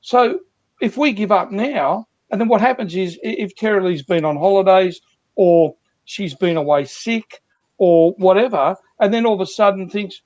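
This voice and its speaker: A man's voice: high voice, moderate pace, a little mellow, dry recording, dull audio. A man working as a sales coach, earnestly explaining techniques through repeated examples on a video call.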